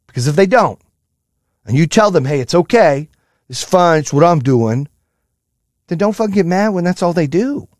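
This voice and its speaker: Intense man ranting motivation, swears constantly; slightly high voice, dry recording. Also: no echo. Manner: blunt, heavy swearing, fired-up. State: high-strung, wired. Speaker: motivational speaker. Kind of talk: profane motivational rant.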